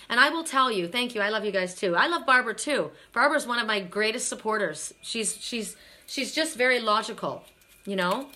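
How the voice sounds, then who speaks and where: Bright-voiced, chatty middle-aged woman. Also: on the high side, animated, a little fast. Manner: chatty, emotional, repeats herself. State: tired. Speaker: oracle card reader. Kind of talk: live-stream card reading chat.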